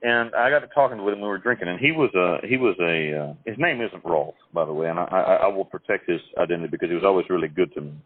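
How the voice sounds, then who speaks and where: A man on a tinny, phone-like line, telling his own stories in a low, husky voice. He rambles along with restarts and quick acted-out quotes. The sound is dry and close. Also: no echo. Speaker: interview guest.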